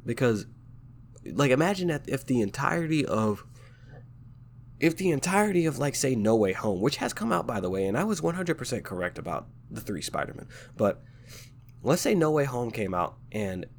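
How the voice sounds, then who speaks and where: A man's voice: medium pitch, very animated, normal speed, vocal fry, slight background noise. A man with a stuffy, congested nose hosts a podcast and talks casually and loosely about writing, with plenty of slang. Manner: laid-back, slangy, fond of "like" and "man". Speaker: podcast host and novelist.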